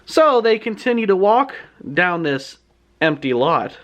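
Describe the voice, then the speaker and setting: A man retelling a book's plot in his own words, in a chatty, animated storytelling manner. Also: high-pitched, a little slow. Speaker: book reviewer.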